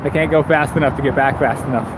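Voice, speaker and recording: A fast-talking man with a medium-pitched voice streams live while riding a bike through town, filmed by an action camera on him. A bike shop owner and vlogger, he rambles, pokes fun at himself, and laughs often, with passing traffic and street noise all around outdoors.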